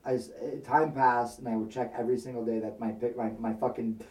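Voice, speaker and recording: A man's voice: mid-range voice, a little fast, far from the mic. Profane young man, echoey and off-mic. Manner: profane, rambling, animated storytelling. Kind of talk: casual storytelling chat.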